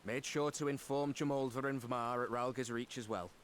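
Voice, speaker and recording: A man's voice: medium pitch, fairly even intonation, fairly quick, slight background noise, close to an everyday voice. A man playing a determined young fighter in a video game, earnest and resolute.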